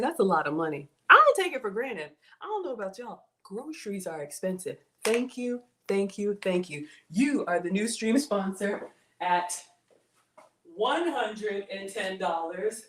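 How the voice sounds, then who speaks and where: A woman's voice: mid-range voice, very animated, a little slow, fairly bright tone. A woman hosting a casual live cooking stream, playful and theatrical, breaking into gasps and whispered asides. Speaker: home cook and live-stream host.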